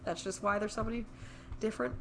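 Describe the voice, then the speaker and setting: A woman's voice: mid-range voice, steady tone, fast talker, fairly bright tone, a little hiss or hum, poor audio. A young woman co-hosting a podcast, chatting casually with many "like" and "um" fillers. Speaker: podcast co-host. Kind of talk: casual chat.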